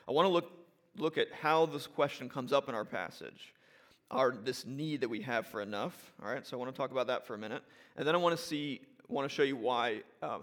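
A middle-aged pastor with a mid-range, slightly bright voice preaches a sermon conversationally. He often checks in with the congregation and repeats and restarts phrases to build emphasis.

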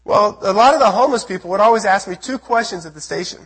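A man from the United States giving an earnest testimony sermon to a church as a missionary speaker, telling his story with a husky voice. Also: high voice, quick pace, a bit bright. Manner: earnest storytelling, acts out his own prayers and quotes.

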